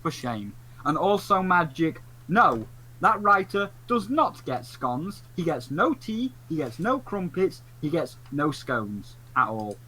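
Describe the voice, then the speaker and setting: A man hosting a casual podcast chat, animated and joking, slipping into theatrical asides. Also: fairly high pitch, takes it slowly, low-quality recording. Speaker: podcast host.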